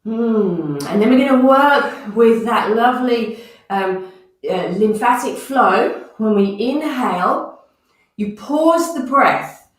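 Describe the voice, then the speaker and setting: In a very echoey room, a slightly high, expressive female voice speaks slowly from well off the mic. She leads a guided movement and breathing class, instructively counting out each movement and breath cue as she goes.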